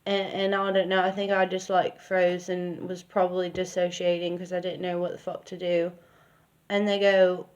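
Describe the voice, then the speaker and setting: A woman's voice: lowish voice, level tone, moderate pace, dull audio. A woman telling a personal story in a casual, rambling way with lots of fillers. She speaks candidly and swears now and then.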